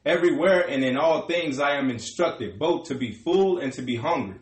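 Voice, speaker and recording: A man reading verses aloud in a steady, formal way during a sermon. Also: fairly high pitch, moderate pace, roomy sound. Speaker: scripture reader.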